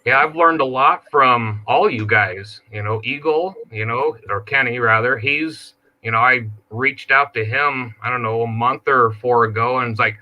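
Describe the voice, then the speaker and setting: A man's voice: medium pitch, moderate pace, few pauses. Laid-back man on a live panel, lo-fi. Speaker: guest panelist, former channel owner. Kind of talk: casual live-stream chat.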